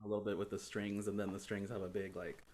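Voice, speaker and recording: Shy guy answering his teacher quietly, low voice. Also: level tone, fast talker, over a noisy crowd. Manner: quiet, brief, hesitant answers. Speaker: student. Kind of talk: masterclass student replies.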